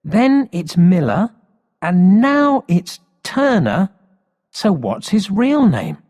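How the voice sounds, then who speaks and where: A cheeky, quick-witted boy from a storybook, as a male reader puts him on, his voice raised high and drawn out slowly. A long hall echo follows the words. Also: very animated, darkish tone, exaggerated voice. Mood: mocking.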